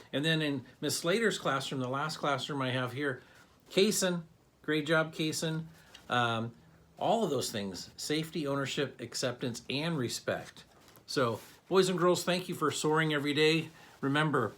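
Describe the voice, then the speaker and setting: A man's voice: medium pitch, fairly bright tone, a little hiss or hum. Upbeat man giving school morning announcements. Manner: upbeat, encouraging, a little scattered.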